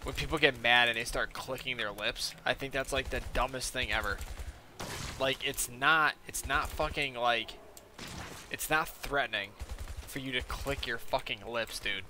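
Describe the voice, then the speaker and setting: A man's voice: mid-range voice, normal speed, background noise. A young man streaming a game, chatting casually in a rambling, profane way full of fillers. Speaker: gaming streamer. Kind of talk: casual chat while playing a game.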